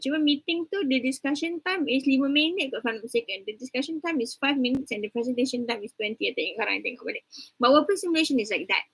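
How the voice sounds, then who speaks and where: A woman's voice: high-pitched, pushed and bright, no echo, rough recording. A woman from Kelantan with a Malaysian English accent, briefing her class online in a chatty, teasing way and switching between English and Malay. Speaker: university lecturer.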